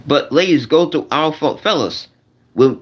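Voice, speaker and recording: Animated man ranting, voice leaping high. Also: unhurried. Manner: repetitive, exasperated, voice jumping high when indignant. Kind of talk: stand-up rant to a crowd.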